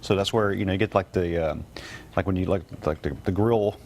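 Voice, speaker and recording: A man's voice: sits low, brisk, vocal fry, a little mellow. A man, a guest chef, demonstrating a recipe on a morning TV show in a studio kitchen, talking in a rambling way with many fillers and restarts.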